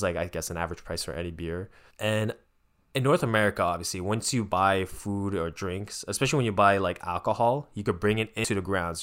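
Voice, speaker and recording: Young male vlogger, lowish voice, relaxed storyteller who backtracks and corrects himself mid-sentence. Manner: chatty, restarts often, laughs while telling. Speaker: vlogger recounting a trip. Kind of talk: casual storytelling.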